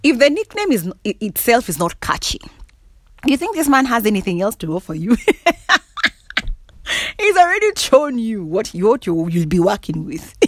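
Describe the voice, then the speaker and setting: Laughing, animated Kenyan woman vlogging. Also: on the high side, moderate pace, no echo. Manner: laughs often, blunt and cussing, animated and emphatic. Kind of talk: casual monologue to camera.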